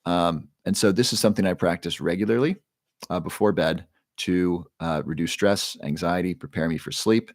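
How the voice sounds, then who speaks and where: A man with a fairly low voice, hosting a live stream in a relaxed, chatty way. He reads viewers' names and answers them one by one. The sound is dry and close, with no room echo. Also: moderate pace. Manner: relaxed, guides breathing, reads chat names aloud. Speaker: livestream host. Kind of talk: casual livestream talk, answering chat.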